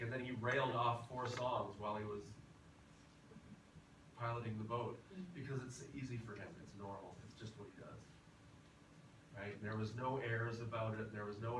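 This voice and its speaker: A man's voice: mid-range voice, brisk. Chatty male voice teacher, far off. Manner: relaxed, chatty, tells anecdotes. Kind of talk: lecture to a class. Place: classroom or rehearsal hall. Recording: roomy, from far off, noisy.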